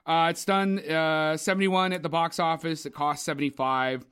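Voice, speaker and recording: A man's voice: a little high, steady tone, moderate pace, a bit bright, clean tone. A young man co-hosting a podcast, giving a casual, opinionated and profane movie review full of rambling asides. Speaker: podcast co-host, film reviewer.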